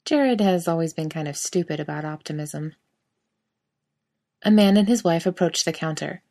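A woman's voice: deep voice, moderate pace, darkish tone. A woman narrating a scripted story in a wry, sardonic manner.

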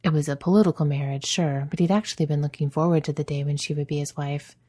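Woman narrating a story softly, husky mellow voice. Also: sits low, fairly even intonation, fast talker. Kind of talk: audiobook narration.

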